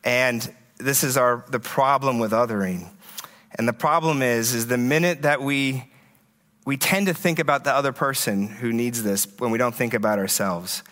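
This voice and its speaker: Animated preacher in an echoey hall. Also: male voice, mid-range voice, normal speed. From USA. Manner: conversational, animated storytelling with frequent restarts. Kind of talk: conference sermon. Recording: echoey hall with long reverb.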